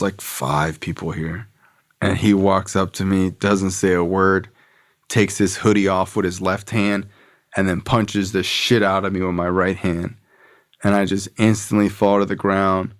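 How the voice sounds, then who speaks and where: A young man with a low, gravelly voice from Florida, telling his story as a podcast guest. He talks casually and swears freely, slipping into the voices of the people in his tale. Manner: casual, profane, quoting others in his story.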